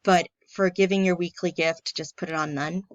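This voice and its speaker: A woman's voice: lowish voice, steady tone, normal speed, no room sound, muffled recording. Lady friendly woman walking through steps. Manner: friendly, plain step-by-step walkthrough with filler ums. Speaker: church staff member. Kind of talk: casual screen-recorded tutorial.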